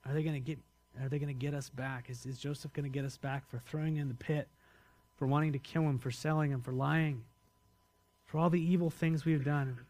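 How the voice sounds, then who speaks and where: A man's voice: fairly high pitch, steady tone, a little fast, a little mellow. A man preaching a sermon as pastor, conversational and often putting questions to the congregation.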